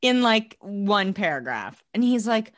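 A woman's voice: mid-range voice, very animated, a little slow, no room sound, clean studio sound. A young woman co-hosting a podcast, chatting casually and animatedly, swearing and laughing as she recaps an episode. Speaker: podcast co-host.

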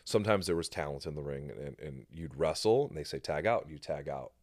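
A podcast host tells a story in casual conversation, his voice rumbling low and moving a little fast. He swears freely and acts out what people said with animated energy. The recording is dry, with clean studio sound.

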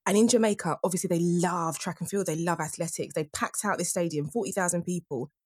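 A woman hosting a podcast chat, asking probing questions and telling stories in an animated way. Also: fairly low pitch, brisk, husky, no echo, studio quality. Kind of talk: casual chat.

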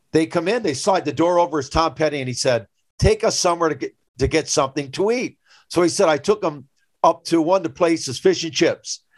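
A man's voice: a little high, no echo. Rambling older man. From Newfoundland, Canada. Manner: rambling storyteller, animated when retelling anecdotes. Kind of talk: casual chat.

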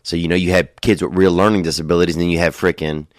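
A young comedian delivers a rambling, stand-up style monologue in a low voice, flat and rapid-fire. His comic stories are profane, loose, and digressive, peppered with "dude" and "you know."

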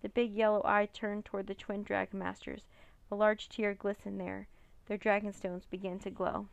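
A woman narrating a children's chapter book in a steady, plain reading voice on a close mic. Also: mid-range voice, normal speed, vocal fry, lo-fi sound. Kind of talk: storybook read-aloud.

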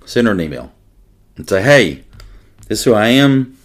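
A middle-aged man, a police detective, telling a personal story in an interview in an earnest, emotional way with halting restarts. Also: on the low side, background noise.

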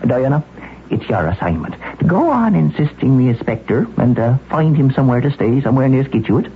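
A shrewd, self-assured police chief in an old-time radio drama, talking in a breezy, folksy way. His pitch swings widely. The old broadcast sounds thin and phone-like, with a faint hiss. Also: very animated, a little fast. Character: confident, shrewd Boston police chief, middle-aged man.

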